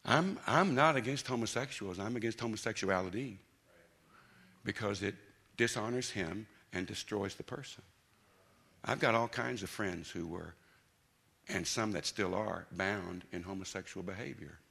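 A man preaching a sermon, emphatic, dropping to quiet intensity and rising to loud bursts. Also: lowish voice, moderate pace, creaky, slightly rough.

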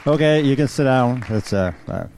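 An older man, a guest pastor, opening his sermon with a gentle joke, halting with many fillers. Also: medium pitch, expressive, gravelly, a crowd in the background, noisy background. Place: church before a congregation.

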